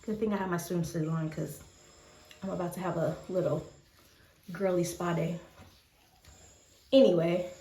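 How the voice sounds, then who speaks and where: A woman vlogger telling a casual story, animated, acting out the people she quotes with gasps. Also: fairly low pitch, a little slow, pauses often, reverberant, a little hiss or hum. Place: indoors, bathroom during hair care.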